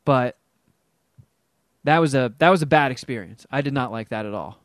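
A middle-aged man casually telling a story on a podcast, animated and acting out the people he quotes. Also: normal speed, no room sound, clean studio sound. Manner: animated, acts out quotes with big pitch jumps.

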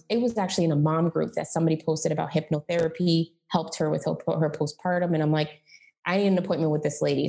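With a lowish, creaky, mellow voice, a woman in her thirties tells her personal story on a podcast, chatty and candid, with frequent "like" and "um."

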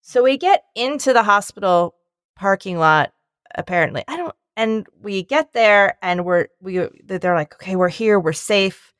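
A woman telling a funny story in casual chat, animated and acting out the voices of the people in it. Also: medium pitch, unhurried, no echo, studio quality.

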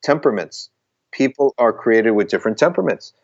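A man's voice: medium pitch, expressive, fairly quick, creaky, dull audio. A man talking in an earnest, emphatic way as a guest in a conversation, often circling back and restarting his phrases. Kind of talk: conversational talk.

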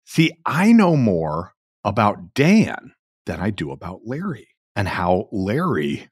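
A man hosting a podcast, reading his show introduction in a lively, animated way. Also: fairly low pitch, takes it slowly, slightly rough, no echo, studio quality. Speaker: podcast host. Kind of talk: scripted ad read and show intro.

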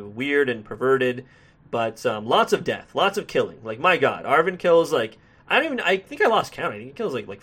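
A man's voice: on the high side, fairly bright tone. A man giving a casual, rambling movie review, self-deprecating and laughing often. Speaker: podcast film reviewer. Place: Toronto, Canada.

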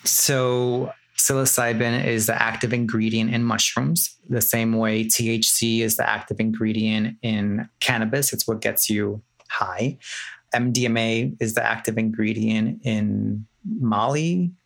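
A man in a casual podcast talk who explains matters plainly. His voice has a gravelly, fry-edged texture. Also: fairly low pitch, steady tone, measured pace, fairly bright tone. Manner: explanatory, self-correcting. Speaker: clinical trial participant.

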